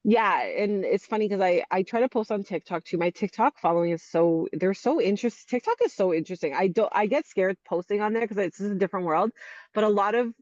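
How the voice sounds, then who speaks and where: A woman's voice: mid-range voice, fairly quick, darkish tone, no echo. Interview guest: Canadian woman, forties, rambling and filler-heavy, on a dull, dry, lo-fi recording. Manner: rambling, heavy use of "like", frequent restarts. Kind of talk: casual interview chat.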